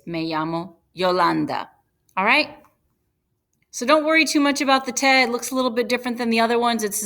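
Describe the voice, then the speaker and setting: A woman teaching a Spanish lesson over slides, explaining each step patiently and spelling words out slowly. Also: medium pitch, pushed and bright. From United States.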